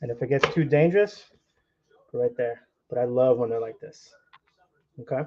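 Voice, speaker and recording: A young cooking channel host talks and jokes with his viewers during a live stream from his home kitchen as he cooks. He has a mid-range voice at normal speed, and the recording has cut-off highs and background noise.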